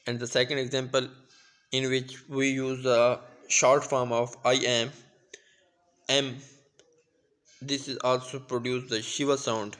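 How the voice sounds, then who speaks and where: Young male student from Pakistan, mid-pitched and slow; a careful classroom presenter who restarts now and then. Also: flat delivery, a bit bright. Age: young adult.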